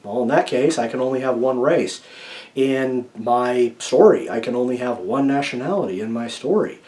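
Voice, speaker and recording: Facing the camera, a man shares his opinionated take on writing in a laid-back way, checking in with "okay?" again and again. He swings from loud emphasis to quiet asides, with an expressive mid-range voice at normal speed.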